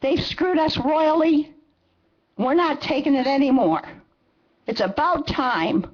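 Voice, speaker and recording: A woman's voice: high voice, animated, slow pace. A woman in her seventies giving an angry, impassioned public comment at a council meeting. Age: 70s. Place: council chamber. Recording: dull lo-fi meeting recording.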